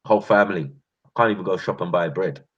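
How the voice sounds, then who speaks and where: A man's voice: low-pitched, fast talker, husky. A man from North London with a London accent, telling street stories in a laughing, slangy way. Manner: laughing, slangy, animated storytelling. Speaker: channel host. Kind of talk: casual storytelling monologue. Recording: dull lo-fi recording.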